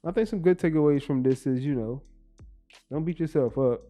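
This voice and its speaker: A man co-hosting a podcast, talking in a relaxed, reflective way. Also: on the high side, brisk, soft background music. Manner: relaxed, reflective, sports-savvy. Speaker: podcast co-host. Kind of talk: casual chat.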